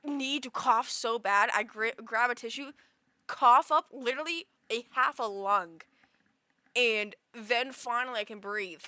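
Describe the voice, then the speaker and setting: A woman's voice: on the high side, unhurried, bright, forceful tone, no room sound. A woman livestreaming, chatting casually with viewers in a rambling, giggly way full of fillers. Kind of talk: casual chat with stream viewers.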